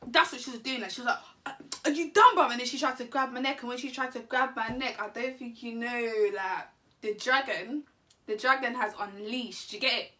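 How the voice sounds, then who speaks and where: A woman tells a story in an animated, slangy way and laughs often. Her voice is bright and fairly high. She sits a little back from the mic. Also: normal speed, far from the mic. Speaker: vlogger. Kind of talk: casual storytime.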